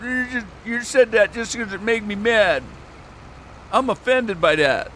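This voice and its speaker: A man putting on the voice of a whiny, easily offended person, shrill and complaining. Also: a little slow, pushed and bright, slight background noise. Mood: offended whining. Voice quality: shrill, whining.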